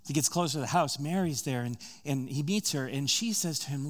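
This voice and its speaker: A man preaching a sermon, retelling a story with conversational asides, rising louder and higher at tense moments and dropping soft and slow.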